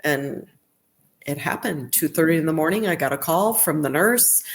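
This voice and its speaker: Woman guest on a podcast, low-pitched, chatty clinician who tells stories and restarts her sentences. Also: animated, moderate pace. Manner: recounts events with quoted dialogue and restarts. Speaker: neonatal nurse practitioner, podcast guest. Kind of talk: conversational interview storytelling.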